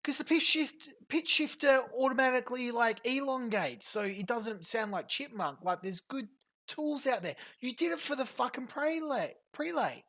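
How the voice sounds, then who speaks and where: A woman's voice: fairly high pitch, animated, fairly bright tone. A woman streamer giving a profane, mocking reaction commentary to a clip. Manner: profane, fast mocking rants.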